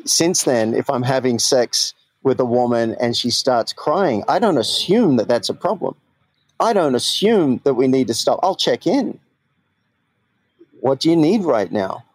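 A man's voice: mid-range voice, lively intonation, normal speed, slightly rough, no room sound. Man hosting, candid personal storytelling. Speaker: podcast host. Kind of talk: casual chat.

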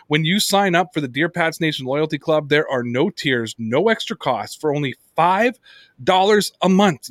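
A fairly high-voiced male podcast host who tells stories with animation and swears freely. He moves easily between reading sponsor plugs and ranting about daily life. The sound is close and dry. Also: no room sound. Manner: animated storyteller, heavy swearing. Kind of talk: casual sports podcast chat.

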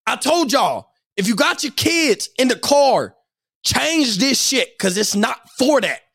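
A man hosting a sports podcast, delivering an angry, profane rant and shouting at times. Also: very high-pitched, big pitch swings, slow, creaky, slightly rough, no echo, studio quality.

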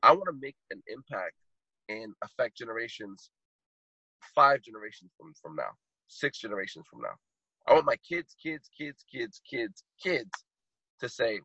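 A man's voice: medium pitch, sing-song, normal speed, pushed and bright, slightly rough, dry recording, lo-fi sound. A man in his thirties, a podcast guest and motivational speaker, telling a heartfelt story with emphatic repetition while choked up. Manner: emphatic, repeats phrases for impact.

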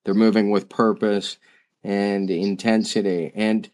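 A man's voice: on the low side, flat delivery, unhurried, darkish tone. Enthusiastic man co-hosting a chat. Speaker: podcast co-host. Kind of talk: casual business chat.

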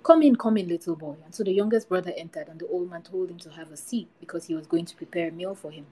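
A woman hosting a podcast, reading a folktale aloud in a steady storytelling manner. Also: on the low side, fast talker, low-quality recording. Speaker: podcast host.

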